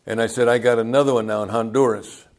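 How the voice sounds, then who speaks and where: A man's voice: medium pitch, fairly even intonation, fast. Older folksy preacher man. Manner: folksy storytelling preacher, calls out to the congregation. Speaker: pastor. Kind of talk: sermon.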